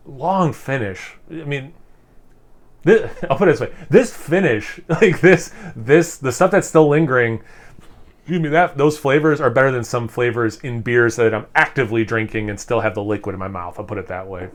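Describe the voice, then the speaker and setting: A man's voice: mid-range voice, moderate pace. A man doing a casual beer tasting review, enthusiastic and rambling, full of fillers and restarts as he sips and savors. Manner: speaking while sipping and savoring.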